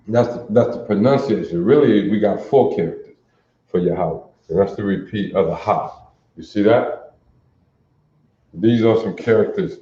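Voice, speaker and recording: A man teaching an alphabet in a lesson, slow and deliberate, often quizzing his listeners with questions. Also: fairly low pitch, dark tone. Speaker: language teacher. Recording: roomy, dull lo-fi sound.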